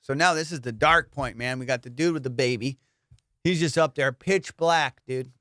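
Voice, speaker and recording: A man hosting a casual comedy podcast, telling stories in an animated, profane way and laughing often. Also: mid-range voice, moderate pace, slight background noise.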